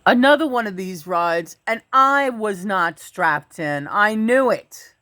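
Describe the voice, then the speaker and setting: Halting, rambling woman telling a story. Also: medium pitch, animated, bright, forceful tone. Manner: halting, restarts often, swears while telling a story. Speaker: channel host. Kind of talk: rambling spiritual storytelling monologue. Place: indoors at home.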